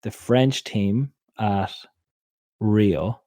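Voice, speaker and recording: Male co-host, warm and low, quick to tease. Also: dry recording. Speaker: podcast co-host. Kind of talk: casual podcast chat.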